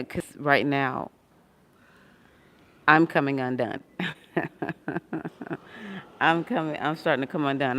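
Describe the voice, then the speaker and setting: A woman's voice: low voice, creaky, a bit bright. A woman chatting casually on a livestream from a hospital room, reading viewer comments and laughing often. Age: adult with a son. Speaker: astrology livestream host.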